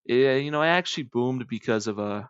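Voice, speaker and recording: A young man talking straight to his viewers in a loose, rambling way, now and then breaking into shrill voices for the people he imagines. His mid-range voice sounds close and dry, and the recording is a bit dull and lo-fi. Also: expressive, a little fast, clean tone, no echo. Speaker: YouTuber. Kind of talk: rambling casual monologue.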